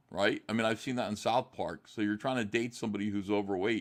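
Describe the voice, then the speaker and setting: A man's voice: fairly low pitch, quick pace, few pauses, pushed and bright. A man as a guest on a talk show, joking and provocative, rambling with restarts over a video call. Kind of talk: casual chat.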